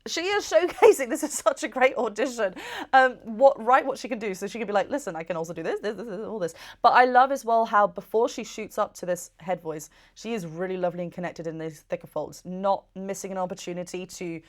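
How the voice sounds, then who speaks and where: A woman's voice: medium pitch, brisk. A woman vocal coach reacting to a performance and explaining vocal technique with enthusiasm, breaking in with short sung demo notes. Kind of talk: reaction video with vocal analysis.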